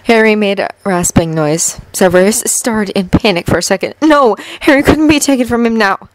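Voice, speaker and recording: A woman reading a fanfiction story aloud in steady, earnest storytelling. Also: medium pitch, normal speed, no echo, rough recording. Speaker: fanfiction reader.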